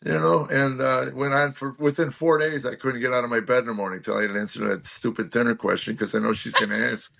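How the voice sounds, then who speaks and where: A man's voice: mid-range voice, steady tone, fast, creaky, few pauses, pushed and bright. A man in his sixties, a comedian being interviewed, telling wry self-deprecating stories and acting out quoted lines. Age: 60s. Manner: acts out quoted lines and car-engine noises. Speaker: guest comedian. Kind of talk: storytelling interview chat.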